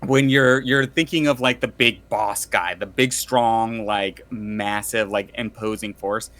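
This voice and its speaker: A man's voice: on the low side, steady tone, measured pace, a bit bright. A man co-hosting a casual tabletop gaming podcast, speaking as a game master in an enthusiastic, rambling way.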